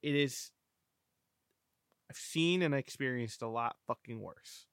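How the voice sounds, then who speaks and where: A man's voice: mid-range voice, takes it slowly, fairly bright tone, clear, resonant tone, no room sound, studio quality. A man hosting a podcast, meandering through a casual film discussion with lots of hedging and fillers. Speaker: podcast host.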